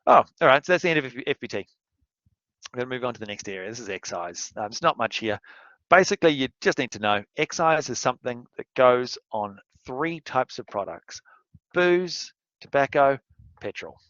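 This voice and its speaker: A man's voice: medium pitch, animated, moderate pace, fairly bright tone, no echo, muffled recording. A male university lecturer giving a recorded lesson, rambling and candid, sometimes working himself into a rant. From outside Australia. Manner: rambling, candid, gets worked up and ranting.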